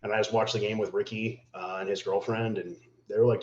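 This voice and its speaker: A man's voice: on the low side, fast talker, slight background noise. A man telling a story as a podcast guest, casual and profane, acting out the voices of people in his story. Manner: animated, profane, acts out quotes. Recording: roomy, slightly dull podcast audio.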